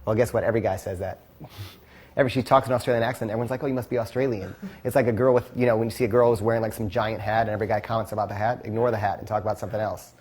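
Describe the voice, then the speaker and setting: A man giving blunt, quick coaching feedback to a class, swearing freely. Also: lowish voice, steady tone, darkish tone, slightly rough. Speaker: pickup coach.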